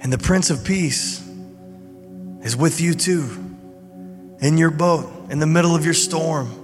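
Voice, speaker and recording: A man gives a sermon in an informal, conversational way, like a pastor talking to his congregation. His voice carries a long hall reverb. Soft music plays clearly behind him. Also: fairly high pitch, measured pace. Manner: conversational, informal preaching with fillers. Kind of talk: sermon and prayer.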